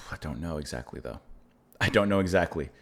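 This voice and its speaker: An American man with a very deep voice and lively intonation hosts a music reaction channel. He talks casually and thoughtfully, reads lyrics aloud slowly, and sometimes trips over unfamiliar names.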